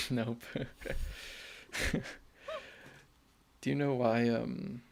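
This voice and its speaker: A man's voice: mid-range voice, flat delivery, extremely slow, vocal fry, noisy background. A man co-hosting a casual movie-review podcast, giggling often as he eagerly explains the lore. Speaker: podcast co-host.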